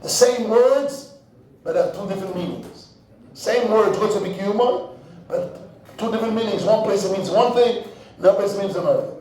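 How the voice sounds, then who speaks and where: A man's voice: high voice, normal speed, darkish tone, a little hiss or hum. A man who is a rabbi, giving an in-depth Talmud lecture, weaving Hebrew and Yiddish terms into English and repeating words as he thinks aloud. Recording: very echoey room.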